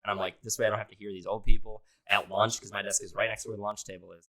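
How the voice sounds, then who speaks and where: A man's voice: on the low side, flat delivery, bright, forceful tone, poor audio. A young man co-hosting a podcast, telling rambling, profane stories in casual chat. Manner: rambling, profane, quick storytelling. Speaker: podcast co-host.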